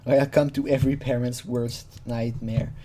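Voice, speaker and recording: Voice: medium pitch, flat delivery, a little slow, mellow. A casual true crime commentator who talks freely, laughs often, swears, and mimics the people being quoted.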